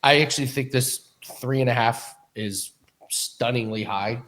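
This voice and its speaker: A man's voice: medium pitch, unhurried, a bit bright. Easygoing man hosting a betting chat. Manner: easygoing, chatty, hands off to co-hosts. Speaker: sports betting podcast host. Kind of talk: casual sports betting chat.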